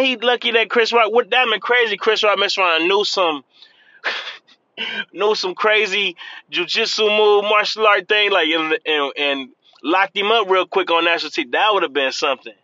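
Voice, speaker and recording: A man hosting a talk show, riffing in casual slang and tacking a drawn-out "man" onto his lines. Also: high voice, pushed and bright, no echo, lo-fi sound. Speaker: podcast host. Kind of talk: casual commentary.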